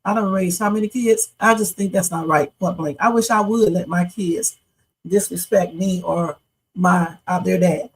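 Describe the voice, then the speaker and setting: Blunt husky-voiced woman livestream host. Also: lowish voice, fairly even intonation, moderate pace, low-quality recording. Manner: blunt, emphatic, talks straight to the chat. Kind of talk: casual livestream commentary.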